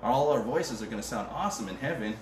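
A medium-pitched man speaks expressively and quickly as a pastor giving a conversational sermon in church. He cracks casual jokes and reads passages of scripture aloud, captured in a distant, roomy recording with noise behind him.

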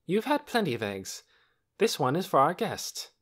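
A man voicing a tired, patient middle-aged woman doctor with a weary, gentle way of speaking in an audiobook. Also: on the high side, wildly swooping pitch, normal speed, slightly rough, pitched above the performer's own voice, full character voice. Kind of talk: audiobook character voice.

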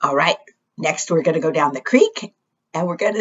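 A woman's voice: sits low, animated, normal speed, husky, lo-fi sound. A woman librarian singing and leading a children's action song, cheerful and encouraging as she talks to small children.

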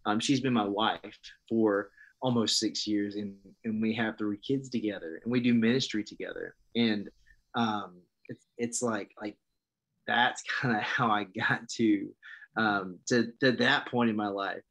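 A man's voice: fairly low pitch, fairly even intonation, measured pace, fairly bright tone. Earnest, impassioned pastor, man. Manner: earnest, impassioned, preacherly, with frequent restarts. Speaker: pastor and guest. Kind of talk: interview, personal testimony.

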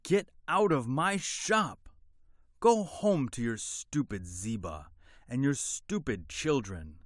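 Man doing a scornful shouting silk merchant. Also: mid-range voice, big pitch swings, measured pace, no room sound, clean studio sound. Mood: angry, scornful. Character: angry greedy male silk merchant, scornful.

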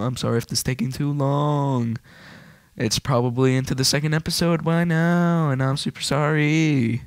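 A man rambling fast and wired with energy while commentating a video game. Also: fairly high pitch, fairly even intonation, smooth, no echo. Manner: rapid, hyper, rambling. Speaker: let's play gamer.

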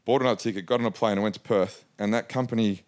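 A man around forty, a guest in an interview, telling a lively story and acting out what others said. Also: on the low side, racing. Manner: lively anecdotal storytelling, acts out quotes. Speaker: interview guest, mining investor.

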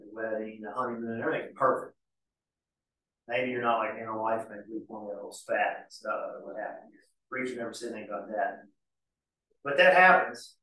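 A pastor teaching a marriage class in a casual, folksy way with homespun examples. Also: male voice, mid-range voice, a bit bright. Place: church hall. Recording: very echoey church room, mic far off.

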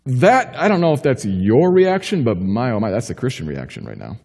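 A male pastor delivers a sermon in a church, his mellow, warm voice ringing with a long reverb. He preaches emphatically, climbing into urgent questions and then sinking low and quiet to reassure. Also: very animated, normal speed, slightly rough. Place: church sanctuary.

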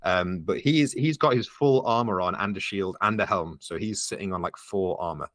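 A man narrates and referees a tabletop game, walking a player through the rules in a low, unhurried voice. He fills pauses with ums as he thinks. The sound is dry and close. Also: fairly bright tone, no echo. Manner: explains rules patiently, lots of ums. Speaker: game master.

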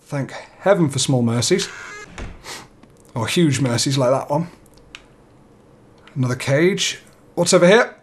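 A man's voice: mid-range voice, expressive, unhurried, pauses often, a little hiss or hum. A young man playing a horror game, nervously talking himself through it and swearing now and then. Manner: jittery, talks himself through fear, swears. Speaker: let's play gamer.

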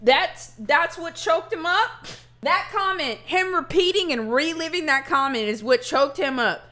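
A woman's voice: high-pitched, animated, a little slow, sharp tone. A woman streamer reacting bluntly to a true crime interview, swearing and arguing with chat. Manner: blunt, profane, incredulous. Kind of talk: casual reaction commentary.

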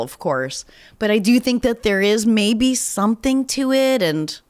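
A woman with a low, clear, resonant voice hosts a podcast, chatting casually while answering voicemails. She sounds slightly nasal, as if she has a cold, and she rambles, puts herself down, restarts often, and laughs a lot.

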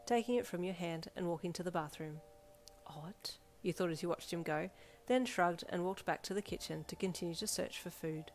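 Lowish-voiced woman narrating fan fiction. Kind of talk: second-person audiobook narration. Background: soft backing music.

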